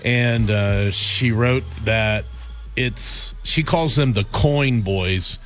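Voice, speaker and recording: A man's voice: lowish voice, very slow. Rambling radio co-host man telling stories. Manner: rambling storyteller with many fillers. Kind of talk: casual morning-show banter.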